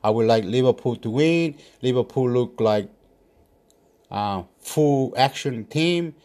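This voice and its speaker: A man in a loose, casual monologue working through football predictions. He rambles and talks to himself, sometimes muttering and swearing under his breath, at an ordinary middle pitch. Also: expressive, slow pace, mellow. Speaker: vlogger giving football predictions.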